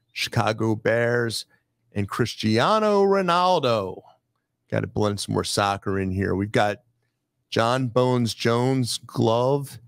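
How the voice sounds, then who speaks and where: A man hosting a casual studio chat, brisk and jokey as he runs through a list of items. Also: mid-range voice, clean tone, no echo. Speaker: host. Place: studio filled with sports memorabilia.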